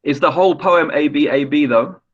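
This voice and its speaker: A man's voice: fairly high pitch, fairly quick, dull audio. Patient male poetry lecturer on a video call. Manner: patient, explanatory, with restarts and questions to students. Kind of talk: online webinar lecture.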